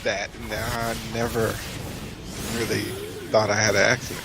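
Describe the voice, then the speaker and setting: A man with a Southern US accent, a guest in a casual gaming chat, speaking in a relaxed, hesitant way as he searches for words. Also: on the low side, measured pace, creaky, background noise. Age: adult. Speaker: guest co-host.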